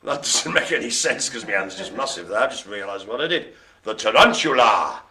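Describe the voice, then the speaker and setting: A man's voice: on the low side, lively intonation, fairly quick, pushed and bright. A man hosting a live online bingo show, cracking puns and making silly noises between calls. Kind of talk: jokey live bingo calling.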